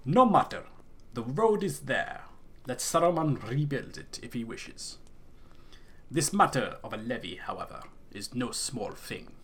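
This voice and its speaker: A man voicing a proud, wary tribal chieftain, reading game dialogue in a gruff, skeptical, weighty way. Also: mid-range voice, big pitch swings, unhurried, a bit bright, full character voice.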